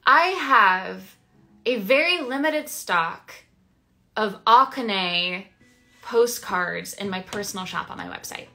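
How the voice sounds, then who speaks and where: Woman, casual livestream chat, unhurried, bright, chatty, music faint behind. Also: mid-range voice, expressive, gravelly. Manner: chatty, talks while working, frequent ums and laughs. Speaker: streamer signing prints for fans.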